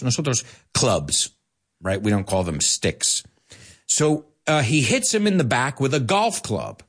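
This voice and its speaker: Animated husky-voiced male English teacher. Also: medium pitch. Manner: animated, explains and repeats words, switches languages. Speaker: English teacher for Spanish speakers. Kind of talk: bilingual language lesson.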